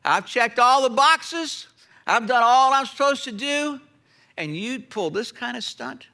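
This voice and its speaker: A man's voice: on the high side, sing-song, moderate pace, vocal fry, sharp tone, voice pushed down, heavily acted. A man acting out a resentful, dutiful older brother who complains with indignation. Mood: outraged.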